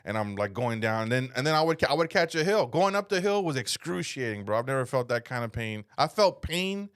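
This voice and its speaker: A young man hosting a comedy podcast, telling a rambling, profane story in casual chat and breaking into loud shouted impressions. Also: mid-range voice, very animated, fairly quick, smooth.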